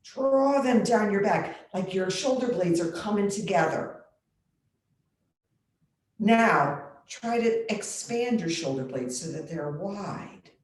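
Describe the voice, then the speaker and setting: A woman yoga instructor guiding a chair yoga class with calm, step-by-step instructions, clearing her throat now and then. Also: on the low side. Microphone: computer mic. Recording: very echoey room on a computer mic.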